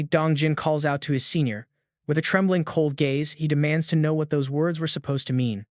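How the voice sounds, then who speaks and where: A man giving scripted, dramatic narration as he recaps a comic story in a steady storytelling voice. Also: a little high, no room sound, studio quality.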